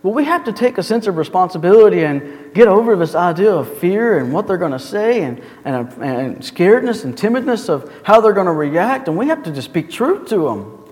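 A man's voice: high-pitched, big pitch swings, fairly quick, hardly any pauses, darkish tone. A male pastor delivering a sermon in a church, earnest and full of rhetorical questions. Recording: long hall reverb.

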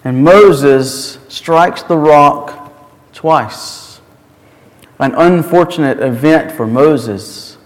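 Casting: a high-voiced male preacher, unhurried and emphatic, in a reverberant hall. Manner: storytelling, emphatic. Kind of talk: sermon.

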